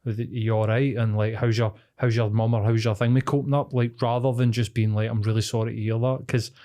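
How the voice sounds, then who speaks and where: A man's voice: medium pitch, flat delivery, a little fast, mellow. A man, a podcast host, musing in rambling casual chat full of filler words.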